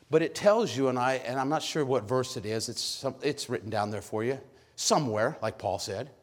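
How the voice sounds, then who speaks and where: A man preaching a sermon with lots of energy, calling out questions to the congregation and shouting at high points. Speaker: pastor. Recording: long hall reverb.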